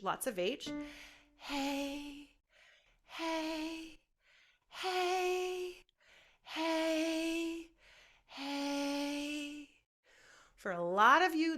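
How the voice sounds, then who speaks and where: Slow-talking lady voice coach, bright tone, keeps asking "okay?". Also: a little high. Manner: instructive, checks in often with "okay?". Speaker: voice teacher. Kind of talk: singing lesson with sung demonstrations.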